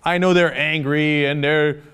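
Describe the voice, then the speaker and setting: A man delivers opinionated political commentary in a somewhat high-pitched voice. He argues with passion and a sarcastic edge, pressing each point hard. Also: fairly even intonation, unhurried, fairly bright tone, clean tone. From United States. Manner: impassioned, sarcastic, argumentative.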